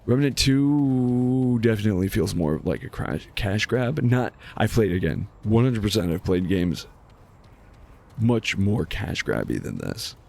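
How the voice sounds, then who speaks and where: A sarcastic man rambles through a live game stream, his low voice rough with fry and swinging widely in pitch. Game music plays clearly underneath. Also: very animated, measured pace, a little mellow. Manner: sarcastic, rambling with many restarts. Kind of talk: casual gaming stream chat.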